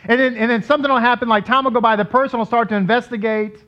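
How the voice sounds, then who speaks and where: A man's voice: extremely high pitch, fast talker. A man, a rabbi, teaching Torah to his congregation in a casual, digressive way, often acting out the people he quotes. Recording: dull lo-fi recording.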